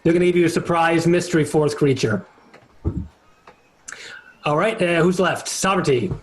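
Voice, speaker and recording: A man's voice: a little high, normal speed, low-quality recording. Easygoing man running a tabletop game. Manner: easygoing, laughs often. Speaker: game master.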